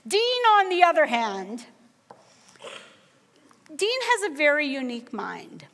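A middle-aged woman preaching a sermon, telling a personal story with lively acted-out dialogue. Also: high-pitched, takes it slowly. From Canada. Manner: animated storyteller, acts out dialogue. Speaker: guest preacher. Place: church sanctuary. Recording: long church reverb.

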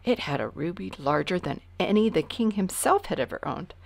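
A woman reading a children's storybook aloud in an expressive way, dropping to whispers for suspense. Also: lowish voice, moderate pace, gravelly. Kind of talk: reading a picture book aloud.

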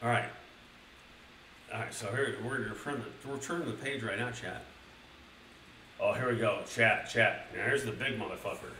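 A man's voice: mid-range voice, moderate pace, bright, forceful tone, far from the mic, a little hiss or hum. A man reading a children's picture book aloud to his stream chat, swearing often and riffing on the story with gamer slang. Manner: crude, rambling, swears a lot, mixes gamer slang into the story. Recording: roomy echo, speaker drifting from mic.

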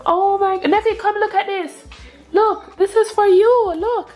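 A woman's voice: very high voice, steady tone, a little slow, darkish tone. A young woman, a mother, gushing and emotional as she unboxes gifts in a casual vlog, laughing often. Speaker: family vlogger, mother.

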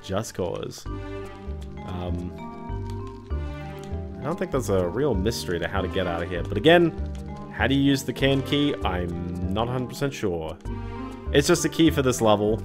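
Low-voiced man rambling through gameplay. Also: expressive, moderate pace, long pauses, over music. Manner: rambling, thinking aloud while playing. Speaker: streamer playing a video game. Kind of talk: casual gameplay commentary.

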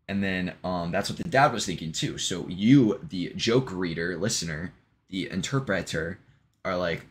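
Deep-voiced man rambling casually. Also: lively intonation, normal speed. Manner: meandering, full of ums and restarts, swears casually. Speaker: vlogger. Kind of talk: casual rambling monologue retelling a joke.

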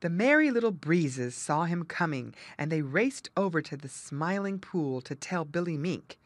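A woman reading a children's audiobook aloud with lively, expressive storytelling. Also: low-pitched, moderate pace, no echo. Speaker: audiobook reader.

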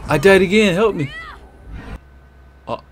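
A man hosting his gaming channel, reacting excitably and exclaiming as he plays. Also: sits high, measured pace, a little hiss or hum. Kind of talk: live gameplay commentary.

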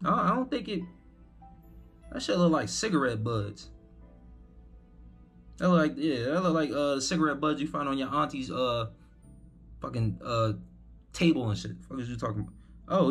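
A young man hosting a reaction video, cursing his way through a loose, disbelieving running commentary. His voice sits a little high for a man and swings up and down with lively energy. Faint music plays underneath. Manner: profane, rambling, incredulous running commentary.

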